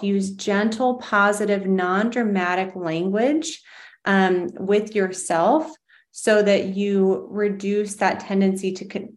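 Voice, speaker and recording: Gentle, thoughtful woman host. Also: medium pitch. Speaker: podcast host. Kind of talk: casual interview chat.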